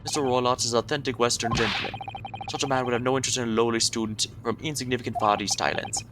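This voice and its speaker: A man's voice: mid-range voice, steady tone, racing, lightly acted. A man voicing a stern, suspicious male sailor guard who speaks in broken, clipped English with a mock Russian accent, over a noisy background hiss. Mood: dismissive.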